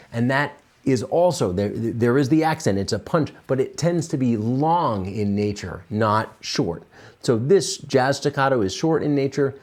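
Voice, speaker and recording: A man gives a piano lesson in a low, slow voice. He explains each point patiently, pausing often with fillers as he searches for words. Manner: unhurried, with frequent fillers. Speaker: piano teacher. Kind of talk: relaxed instructional explanation.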